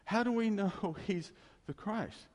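A man's voice: high voice, takes it slowly, darkish tone, in a large hall. A man preaching a sermon in a conversational way, laughing now and then and hammering points with repetition. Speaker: pastor.

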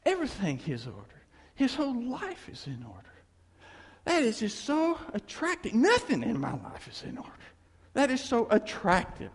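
Bubbly, messy young woman, put on by a male lecturer, high and lively, in a reverberant hall. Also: normal speed, slightly rough, heavily acted. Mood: admiring.

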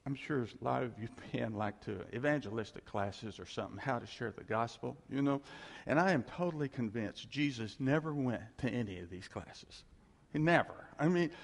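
Gravelly preacher in a reverberant hall. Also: male voice, medium pitch. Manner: conversational preaching with laughs and emphatic repetition. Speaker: pastor. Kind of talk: sermon.

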